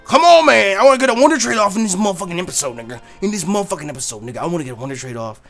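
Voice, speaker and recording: Brief: profane male let's play host, animated, game music underneath. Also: high-pitched, racing. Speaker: gaming YouTuber.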